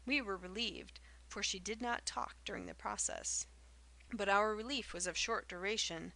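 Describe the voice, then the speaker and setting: A woman narrating an audiobook in a measured literary storytelling manner. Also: medium pitch, vocal fry, bright, forceful tone, low-quality recording. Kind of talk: scripted narration.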